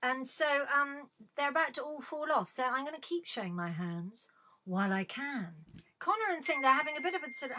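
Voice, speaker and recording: A woman's voice: sits high, very animated, fairly quick, bright, forceful tone. A middle-aged woman hosting a live-streamed comedy chat from home, taking calls with bawdy, sardonic, swearing banter into a webcam.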